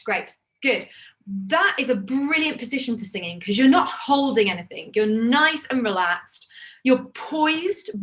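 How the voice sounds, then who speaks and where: A woman coaching an online choir through a warm-up on a video call, with a bright, ringing voice that swings widely up and down. She talks encouragingly and keeps breaking off to demonstrate each sigh and call. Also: a little high. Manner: encouraging, demonstrates vocal calls and sighs. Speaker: choir leader.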